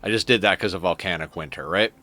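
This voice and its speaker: A man's voice: low-pitched, quick pace, bright, forceful tone. A man streaming a strategy game, chatting casually, swearing freely and drifting into self-amused stories. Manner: rambling, profane, self-amused storytelling. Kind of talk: casual live-stream gaming commentary.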